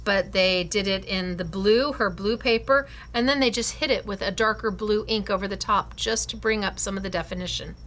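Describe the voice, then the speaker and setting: A woman's voice: mid-range voice, normal speed, few pauses, a bit bright. A woman hosting a scrapbooking class, enthusiastically showing and praising her students' cards and laughing often. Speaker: craft class host.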